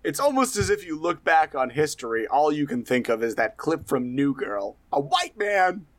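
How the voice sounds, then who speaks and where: A man's voice: on the high side, expressive, normal speed. A man co-hosting a comedy podcast, telling a history story in casual chat, swearing freely and laughing often. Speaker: podcast co-host.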